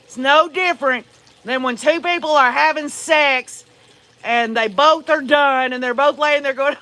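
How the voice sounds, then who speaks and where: A woman's voice: high-pitched, measured pace, bright, forceful tone. A woman hosting a livestream, giving blunt, profane, emphatic commentary and talking straight to her viewers. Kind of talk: casual true-crime commentary.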